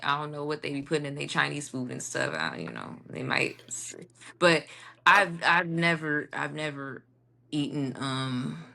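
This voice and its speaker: A woman in her thirties speaks as an interview guest. Her voice is low but bright and forward. She rambles casually with plenty of fillers. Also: expressive, measured pace, gravelly. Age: 30s. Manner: rambling, filler-heavy talk. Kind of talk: casual chat.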